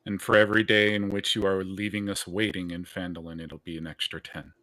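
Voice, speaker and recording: A man's voice: low-pitched, flat delivery, fairly quick, bright, forceful tone. A man voicing a shrewd male adventurer who haggles in a cool, pointed way. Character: shrewd male adventurer driving a hard bargain. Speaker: tabletop player.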